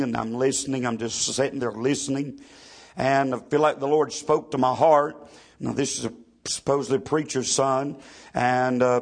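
A man's voice: medium pitch, gravelly. A man, a pastor telling a story from the pulpit and dropping "amen" after nearly every line. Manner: testimony peppered with constant "amen". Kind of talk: storytelling sermon.

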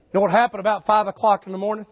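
A middle-aged man preaching a storytelling sermon, swinging between shouted preaching and low, hushed retelling. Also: flat delivery, rapid-fire. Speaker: street preacher.

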